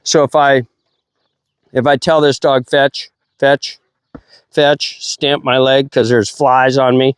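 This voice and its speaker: A middle-aged man, a dog trainer, explaining his methods outdoors while working a dog, breaking into high, playful praise for the animal. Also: little pitch movement, takes it slowly, pauses often, clear, resonant tone, no echo, studio quality. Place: outdoors at a kennel ranch.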